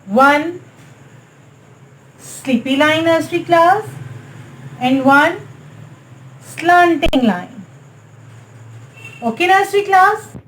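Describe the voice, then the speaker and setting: A woman with a Pakistani English accent teaching a nursery maths lesson in a slow, sing-song way, repeatedly calling on the class. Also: very high-pitched, a bit bright, roomy sound, slight background noise, rough recording. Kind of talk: recorded online maths lesson for small children.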